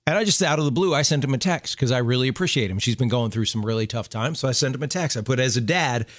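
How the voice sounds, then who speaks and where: A man's voice: medium pitch, very fast, dry recording, clean studio sound. A man in his fifties hosting a radio show, talking in an earnest, friendly way. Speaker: radio host. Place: radio studio.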